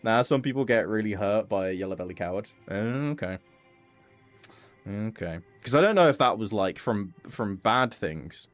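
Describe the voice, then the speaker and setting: A man's voice: moderate pace, dry recording, faint music behind. A young man chatting casually and swearing freely while streaming a game. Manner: chatty, swears casually, animated jumps in pitch. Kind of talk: casual gaming stream chat.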